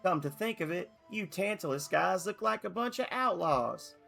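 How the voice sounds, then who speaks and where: A man's voice: high-pitched, animated, moderate pace, creaky, sharp tone, faint music behind, pitched above the performer's own voice, heavily acted. A man doing a twangy country gal. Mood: teasing. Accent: put-on Southern US country. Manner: folksy, teasing letter-reader. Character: young woman starting a small theater.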